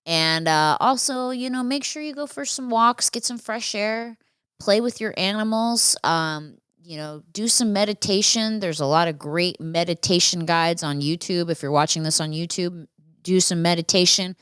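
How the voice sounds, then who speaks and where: A woman's voice: fairly low pitch, normal speed, a bit bright, smooth, dry recording, clean studio sound. A woman hosting a casual storytelling podcast, chatty and profane, talking to listeners with friendly asides. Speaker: podcast host.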